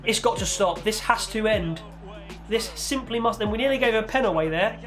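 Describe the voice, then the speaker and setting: A man's voice: high voice, normal speed, faint music behind. A young man giving casual, exasperated play-by-play on his own football video game. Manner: animated, exasperated play-by-play with pleading outbursts. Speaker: gaming YouTuber commentating his own match. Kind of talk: casual live game commentary.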